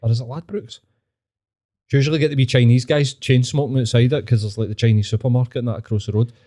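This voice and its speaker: A man's voice: medium pitch, fairly even intonation, fast, warm tone. Sweary Glaswegian man spinning yarns. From Scotland. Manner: swears freely, tells anecdotes with put-on voices. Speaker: podcast host. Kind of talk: casual chat.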